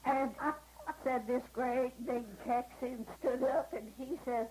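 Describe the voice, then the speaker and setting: A woman's voice: a little high, fairly even intonation, a little slow, dark tone, slight background noise, poor audio. An older woman telling folksy anecdotes in a drawling manner at home, laughing at her own punchlines. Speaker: storyteller. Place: living room of a home.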